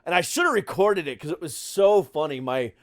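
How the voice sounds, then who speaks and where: A man's voice: on the high side, a little fast, slight background noise. A man hosting a podcast, telling comic stories casually and acting out the scenes with frequent laughter. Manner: animated, laughs often, acts out scenes. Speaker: podcast host.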